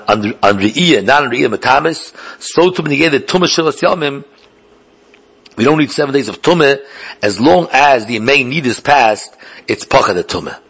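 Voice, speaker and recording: A man's voice: mid-range voice, a bit bright, slightly rough. A man giving a Talmudic lecture, thinking aloud with many restarts and repeated words and mixing in Hebrew learning terms. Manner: mixes English with Hebrew and Yiddish learning terms. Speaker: Talmud teacher.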